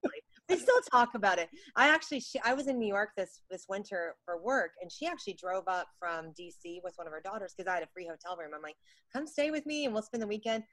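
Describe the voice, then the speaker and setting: A middle-aged woman telling stories on a podcast as a guest. She is animated and self-mocking and acts out what people said. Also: on the low side, quick pace, hardly any pauses, dry recording. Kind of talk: casual storytelling chat.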